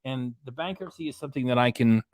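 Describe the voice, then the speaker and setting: A man's voice: medium pitch, fast, a little mellow, no echo, clean studio sound. A man from Ontario, Canada, hosting a live-stream reaction show with opinionated, rambling commentary. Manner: opinionated, gossipy, rambling asides. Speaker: reaction channel host.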